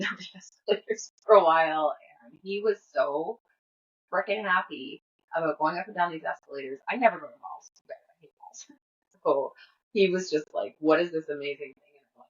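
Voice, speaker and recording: A woman in her thirties who hosts a podcast rambles through her day in a casual diary-style monologue, full of fillers and laughs. Her voice is deep and fairly quick, and the recording sounds lo-fi.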